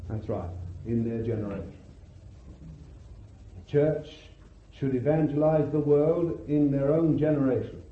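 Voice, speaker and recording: A man preaching a sermon with fervor, calling out hallelujahs and swinging between loud bursts and hushed words. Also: mid-range voice, a little hiss or hum. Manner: slow deliberate delivery, stretching key words. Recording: echoey hall, tinny lo-fi sound.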